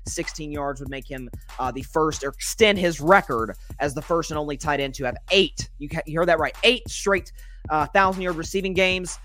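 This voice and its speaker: A man's voice: on the high side, normal speed, fairly bright tone, soft background music. A man hosting a solo sports podcast, rambling through his game picks with many fillers and self-corrections.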